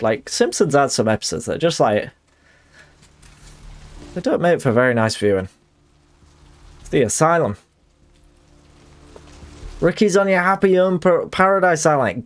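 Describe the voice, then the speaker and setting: A young man chats while streaming a game, rambling and poking fun at himself. His voice sits at a middling pitch with a gravelly edge. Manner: rambling, self-deprecating. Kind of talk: casual chat while gaming.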